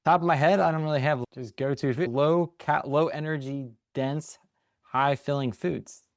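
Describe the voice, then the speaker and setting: A man's voice: fairly high pitch, moderate pace, dry recording, studio quality. Hesitant, laid-back male co-host. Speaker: podcast co-host. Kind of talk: casual podcast chat.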